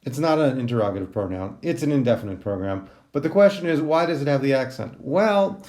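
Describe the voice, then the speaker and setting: A man's voice: mid-range voice, animated, fairly quick, darkish tone. A man teaching a Greek translation lesson, thinking aloud with many ums and restarts. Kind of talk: recorded class lecture.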